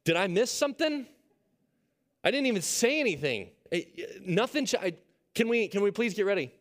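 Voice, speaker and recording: A man in his thirties preaching a sermon as a pastor, telling a family story and swinging from hushed, intimate lines to loud, excited retelling. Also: high-pitched, moderate pace.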